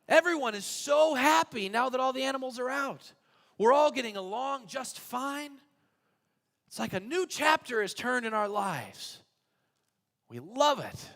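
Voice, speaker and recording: A pastor voicing a desperate poor family man who pleads for help in a high, loud voice. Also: wildly swooping pitch, unhurried, hardly any pauses, exaggerated voice. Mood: overjoyed. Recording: church hall reverb.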